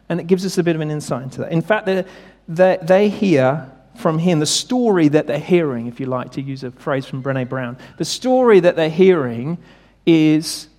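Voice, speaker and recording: A man's voice: a little high, darkish tone, long reverb tail. A man preaching a sermon in a conversational, emphatic way, often asking his listeners questions.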